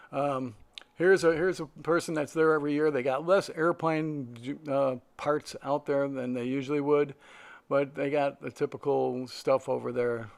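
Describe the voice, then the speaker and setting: Rambling man with a gravelly voice. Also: mid-range voice. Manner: rambling, full of fillers and restarts. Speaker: aviation vlogger. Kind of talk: casual voice-over narration.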